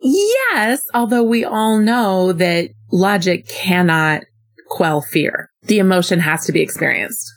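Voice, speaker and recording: Low gravelly woman, dry and skeptical, pokes holes in everything. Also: unhurried. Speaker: podcast co-host and skeptic. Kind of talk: casual chat.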